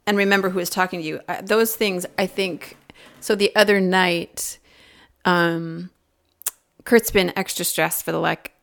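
Gravelly-voiced woman telling a story. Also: on the low side, unhurried. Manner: rambling, animated, laughing often. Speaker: podcast regular. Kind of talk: casual chat, personal storytelling.

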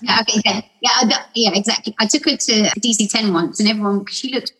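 A woman's voice: medium pitch, steady tone, quick pace, breathy edge, rough recording. A woman guest on a podcast, chatting casually and rambling through stories, often acting out what people said. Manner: rambling, warm storyteller acting out quotes with laughs. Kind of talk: casual storytelling chat.

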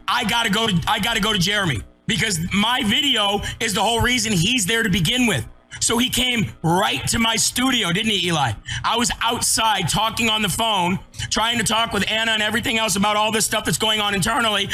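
Man retelling a story in a clip; high, bright voice, brisk delivery. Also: low-quality recording. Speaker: show host in a played clip. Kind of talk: casual storytelling.

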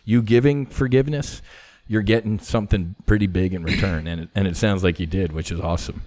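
A middle-aged man, a former fighter pilot, telling stories as a podcast guest in a casual, animated way, swearing freely and full of "you know" fillers. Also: low-pitched, a little fast, no echo. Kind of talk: casual conversational storytelling.

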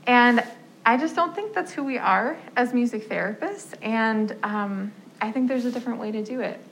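A woman's voice: a little high, normal speed, a bit bright, slight background noise, poor audio. A woman music therapist giving an informal talk to colleagues, telling stories with lots of quoted dialogue and filler words. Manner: storytelling with quoted dialogue, frequent um and like.

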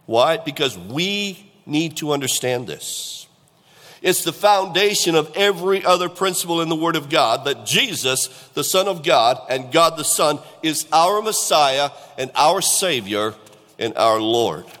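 A man's voice: a little high, expressive, a little slow, fairly bright tone, in a large hall. A middle-aged male pastor delivering a sermon in a conversational way, asking the congregation questions. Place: church.

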